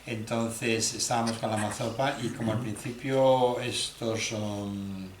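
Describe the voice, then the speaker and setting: Male interpreter, halting and searching for words, roomy hall with audible background noise. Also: on the low side, fairly even intonation. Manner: hesitant, searching for words with many fillers and restarts. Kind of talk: consecutive interpreting.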